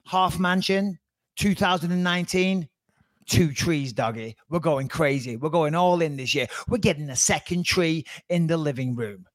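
A man's voice: a little high, moderate pace, no room sound. A middle-aged man, co-hosting a podcast in casual banter, playful and mock-boastful, swearing freely. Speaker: podcast co-host.

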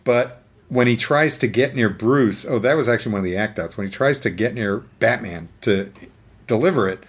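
A man telling a story in casual chat, animated, using many fillers and acting out the scenes. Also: medium pitch, moderate pace, slightly rough.

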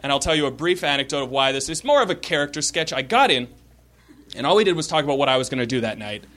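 A man performing a stand-up set on a comedy club stage, telling a quick, wry story. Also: mid-range voice, lively intonation, a bit bright. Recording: live club recording, crowd noise.

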